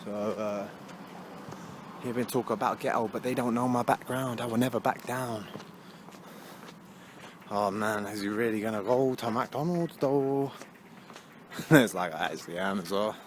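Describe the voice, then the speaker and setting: A man's voice: on the low side, measured pace, long pauses. A young man talks into a handheld camera while walking through town. His chat is loose and slangy, full of swearing and laughter. Faint street and traffic noise sits behind him. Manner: chatty, swears a lot, laughs often, slangy. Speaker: vlogger. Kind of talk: casual walking vlog. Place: outdoors on busy town streets.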